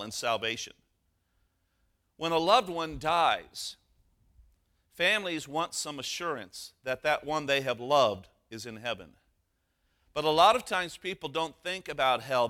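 A man preaching a sermon as pastor, earnest, slowing down for emphasis. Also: a little high, sharp tone.

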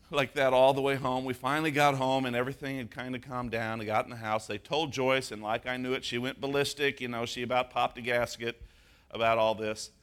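Bright-voiced preaching pastor. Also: male voice, medium pitch, clean tone. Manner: storytelling, then emphatic preaching with slowed stressed words. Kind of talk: sermon.

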